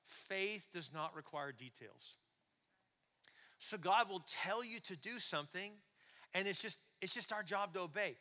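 A male pastor delivering a lively, conversational sermon. His voice is very bright and sits a little high. It carries through the long reverb of a large church hall. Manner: conversational, animated, asks the congregation questions.

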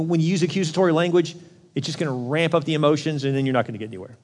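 Middle-aged male pastor, conversational sermon, higher register, long hall reverb. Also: very fast, darkish tone. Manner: conversational, acts out quoted voices.

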